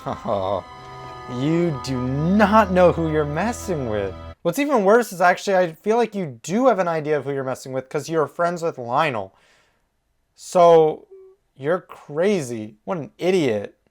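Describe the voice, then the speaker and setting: A man's voice: a little high, sing-song, unhurried. A young man hosting a TV reaction video, talking emotionally to his viewers, with faint music from the show behind him. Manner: emotional, exclaiming, talks to viewers. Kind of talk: casual reaction commentary.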